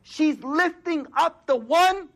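Young male preacher, high voice, slangy and emphatic, Arabic phrases woven in. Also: takes it slowly, fairly bright tone. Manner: casual street-slang delivery mixed with Arabic phrases; emphatic, repeats phrases for effect. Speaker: Islamic preacher. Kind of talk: sermon.

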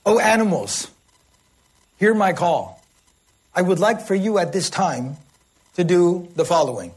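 A husky shepherd declaims to his herd in formal, grand sentences, as a teacher acts him out. His voice is raised and a little high. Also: animated, measured pace, full character voice. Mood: grandiose. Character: grand-speaking man calling out to his herd.

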